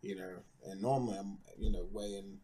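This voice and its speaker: A man's voice: on the low side, steady tone, brisk, mellow, a little hiss or hum. A man candidly telling his personal story in a conversation, rambling with lots of fillers. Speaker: guest.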